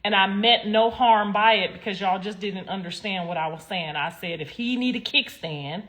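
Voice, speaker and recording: A woman's voice: medium pitch, normal speed. Heated, blunt woman ranting on a livestream. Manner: heated, blunt, swears freely, swings loud and quiet. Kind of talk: casual livestream rant.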